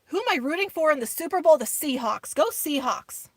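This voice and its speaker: A woman's voice: high voice, expressive, a little fast, dry recording. A woman chatting casually on a live stream from her minivan, reading viewer comments aloud and calling them "y'all". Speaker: vlogger hosting a live stream. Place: inside her minivan, camping off grid outdoors.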